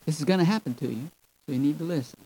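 A man's voice: fairly high pitch, racing, mellow, breathy edge, low-quality recording. A man preaching a sermon, drawing out his phrases, swelling suddenly in volume for emphasis, and calling his listeners folks and friends. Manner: addresses the audience as folks and friends.

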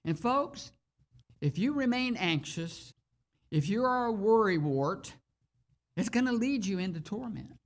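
A preacher giving a sermon and reading scripture, speaking deliberately and repeating key phrases for emphasis. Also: mid-range voice, lively intonation.

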